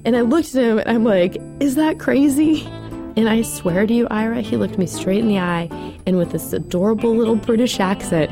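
A woman telling a personal story in a radio interview, chatty and animated, with many fillers and frequent laughs. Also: fairly high pitch, a little fast, over music.

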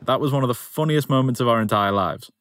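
A young English man casually recounting a story, animated and amused, acting out quotes. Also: medium pitch, quick pace. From England. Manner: animated, amused, quoting himself. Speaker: interviewee telling his story.

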